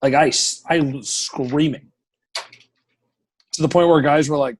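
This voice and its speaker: Male guest, thirties, a hockey goalie telling stories, higher pitch, swears a lot, acts out the shouting, lively. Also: normal speed, pauses often. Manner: profane, animated storyteller who acts out shouting. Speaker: professional hockey goaltender, podcast guest. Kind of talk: casual storytelling interview.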